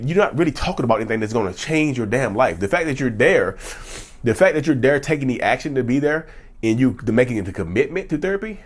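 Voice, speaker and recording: A man in his thirties hosting his own vlog, talking earnestly and emphatically and repeating phrases for stress. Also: mid-range voice. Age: 30s. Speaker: channel host. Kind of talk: personal vlog monologue.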